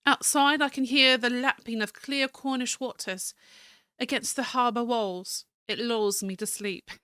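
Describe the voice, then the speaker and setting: Stuffy proud mapmaker guy reading his journal, a woman doing him, bright clear voice, dry sound. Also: medium pitch, normal speed, no echo, lightly acted. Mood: curious. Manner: formal, slightly fancy reading with small stumbles. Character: stiff proud male cartographer keeping a journal. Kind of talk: reading game journal aloud.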